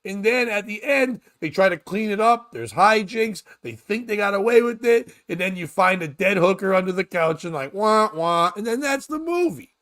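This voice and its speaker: A man's voice: high voice, lively intonation, moderate pace, hardly any pauses, a bit bright. A man hosting a casual comedy talk show, rambling and profane as he jokes his way through news stories. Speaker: podcast host.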